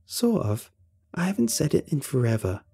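Man as a thoughtful younger boy, calm and even, slightly raised, mellow husky tone. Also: fairly high pitch, moderate pace, pitched above the performer's own voice, exaggerated voice. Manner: even, reflective.

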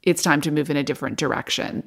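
A woman's voice: deep voice, fast talker, a bit bright. A woman, an interview guest, recounting a personal experience in a candid, reflective and wry way.

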